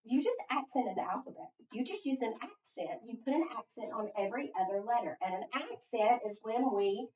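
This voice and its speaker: A woman's voice: fairly high pitch, lively intonation, fairly quick, hardly any pauses, mellow. A middle-aged woman teaching phonics to a child, asking patient prompting questions. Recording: echoey, distant, dull recording.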